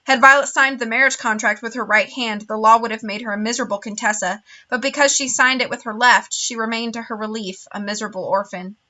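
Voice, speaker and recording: A woman's voice: a little high, fairly even intonation, fast talker, few pauses, pushed and bright. A woman reading a novel aloud with wry, dramatic storytelling. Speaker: reader.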